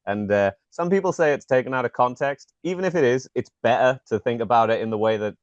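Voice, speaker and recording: A man, a guest talking quickly with lots of fillers. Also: mid-range voice, no echo, dull audio. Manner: quick, filler-heavy, uses "like" and "you know what I mean". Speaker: guest, magician and actor. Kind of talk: casual conversation.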